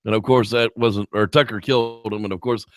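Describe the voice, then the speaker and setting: A man co-hosting a casual movie review show, excitedly retelling scenes and breaking into high shouts when quoting characters. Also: brisk, no echo. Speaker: podcast co-host.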